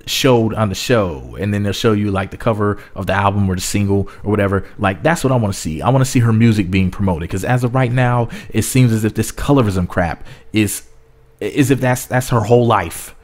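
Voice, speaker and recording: Low-voiced man ranting casually. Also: steady tone, brisk, darkish tone. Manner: rambling, repeats words, drops into mocking voices. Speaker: vlogger. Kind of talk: casual commentary.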